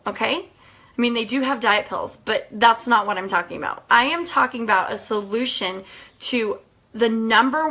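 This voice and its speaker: A woman in her thirties talks straight to her viewers in a casual testimony vlog, earnest and chatty, teary at times. Her voice is bright and sits a little high. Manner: chatty, earnest, emotional and laughing. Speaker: mom sharing a health testimony.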